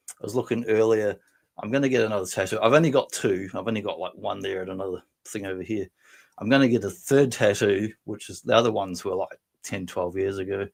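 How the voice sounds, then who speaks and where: A man from New Zealand hosting a casual livestream, talking in a fairly low voice. He rambles from one thought to the next, chatty and loose, swearing freely and laughing often. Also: vocal fry. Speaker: livestream host.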